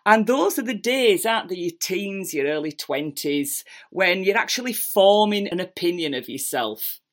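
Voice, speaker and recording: A woman in her fifties with a Yorkshire accent, telling her own story in a chatty, animated, self-deprecating way from her kitchen at home. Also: on the low side, moderate pace. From England. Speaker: podcast host. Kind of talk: personal storytelling monologue.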